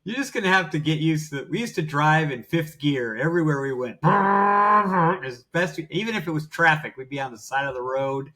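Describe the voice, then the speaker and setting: A man co-hosting a podcast in casual chat, relaxed and teasing. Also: a little high, normal speed. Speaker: podcast co-host.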